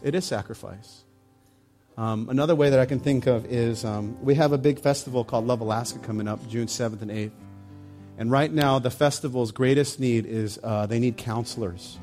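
A man preaching a sermon and leading a closing prayer, earnest and halting, with many restarts. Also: medium pitch, a little mellow. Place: church meeting room.

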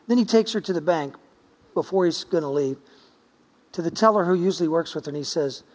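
A man, a pastor, preaches a sermon in a church sanctuary, telling a story in a playful, chatty manner that includes quoted dialogue. His voice is a little high, and he talks briskly with frequent pauses. Long church-hall reverb fills the recording.

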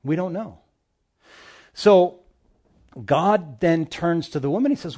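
A male pastor preaching a sermon, addressing the congregation directly with emphatic swings between loud and soft. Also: fairly high pitch, slow pace.

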